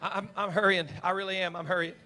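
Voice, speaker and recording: A man's voice: sits high, flat delivery, quick pace, pushed and bright, some chatter behind. A man, a pastor, preaching a sermon and telling a personal story in a conversational way.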